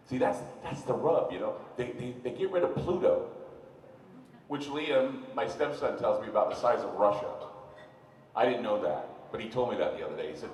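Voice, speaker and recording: A man, a radio talk host, speaking live to a bar audience as an animated, rambling storyteller with mocking asides. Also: mid-range voice, moderate pace. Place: sports bar, live event. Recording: roomy, far-off live room sound with faint noise.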